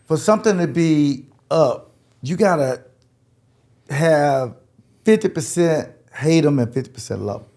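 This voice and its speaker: A man in his fifties from Jacksonville, Florida, telling stories as a guest in a lively, laughing way. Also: on the high side, a little slow. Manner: lively, laughing, swings between loud and quiet. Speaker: guest, former football player. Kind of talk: animated storytelling.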